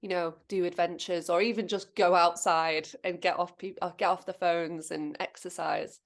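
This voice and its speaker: A woman interviewing a guest, asking her questions in a relaxed, friendly way. Her voice sits a little low for a woman. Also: moderate pace.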